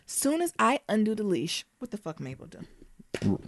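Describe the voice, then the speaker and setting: A woman co-hosting a podcast, telling a story in a casual, animated way and breaking into laughter. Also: medium pitch, measured pace, noisy background. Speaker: podcast co-host.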